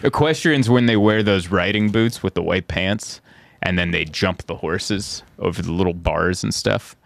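A man's voice: low-pitched, moderate pace, vocal fry, no echo. A man, a comedian hosting a podcast, riffing and joking in casual chat and laughing often.

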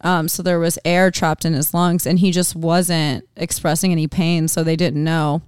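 Woman, fairly low, smooth voice, dry close mic, rambling casual storyteller. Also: little pitch movement, moderate pace, a little mellow, dry recording. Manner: chatty storyteller, many "like"s. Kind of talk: casual podcast chat.

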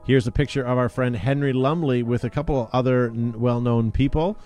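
A man's voice: medium pitch, steady tone, brisk, darkish tone, soft background music. Upbeat rambling man hosting a show. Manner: rambling, upbeat, many fillers. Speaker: podcast host. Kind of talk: casual chat.

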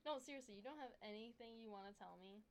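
A woman's voice: a little high, quick pace, a little hiss or hum. A young woman guesting on a podcast, teasing her partner in a playful, laughing chat. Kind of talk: casual chat.

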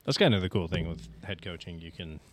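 Low-voiced joking man in casual chat. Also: expressive, fast talker, noisy background. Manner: joking and chatty. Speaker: podcast co-host. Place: small studio.

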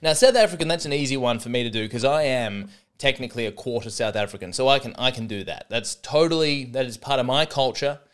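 A man's voice: medium pitch, brisk, a bit bright, clean tone. An Australian man hosting a comedy podcast, talking in a rambling, sarcastic, self-mocking monologue.

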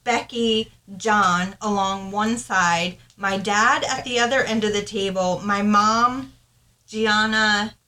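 A woman's voice: mid-range voice, steady tone, takes it slowly, bright, forceful tone. A woman co-hosting a casual podcast, talking chattily and laughing easily. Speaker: podcast co-host. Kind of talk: casual chat.

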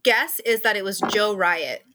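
A woman's voice: mid-range voice, over a noisy crowd. A woman who is a guest on a casual podcast, telling stories playfully and chiming in with giggles. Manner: giggly, playful, quick to chime in. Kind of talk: casual storytelling interview.

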